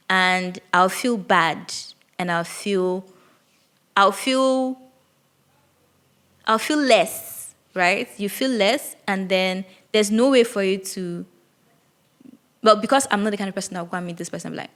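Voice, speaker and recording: A woman's voice: mid-range voice, measured pace, fairly bright tone. A young woman, hosting a solo podcast and reflecting candidly aloud, with frequent restarts. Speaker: podcast host.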